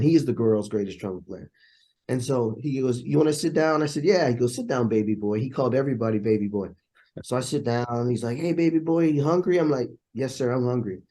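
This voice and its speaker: Man telling lively stories in an interview. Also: medium pitch. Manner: animated storyteller acting out quoted voices. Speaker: interview guest, trumpeter. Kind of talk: storytelling in a casual interview.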